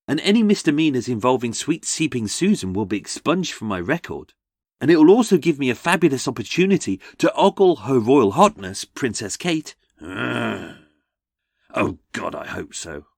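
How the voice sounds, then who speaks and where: British guy doing a scripted podcast, sarcastic asides, really lively up-and-down delivery, dry sound. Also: mid-range voice, dry recording. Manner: sardonic, mocking asides. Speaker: podcast host. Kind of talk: scripted comedic podcast narration.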